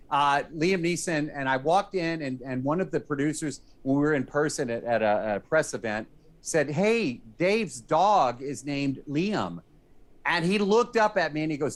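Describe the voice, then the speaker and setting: Emotional, grateful male TV presenter. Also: mid-range voice. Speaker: entertainment reporter. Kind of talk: casual on-air chat. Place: TV studio.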